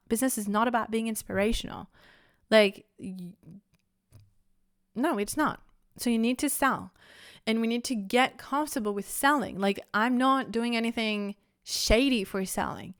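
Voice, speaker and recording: Frank, animated woman with a smooth voice. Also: fairly high pitch. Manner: frank, animated, swears casually, laughs often. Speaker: business coach and podcast host. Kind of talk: candid solo podcast talk.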